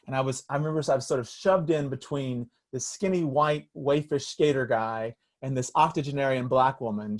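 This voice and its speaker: A man's voice: mid-range voice, darkish tone. A man, a pastor, telling a story in an earnest, reflective sermon style with frequent restarts, speaking over a video call.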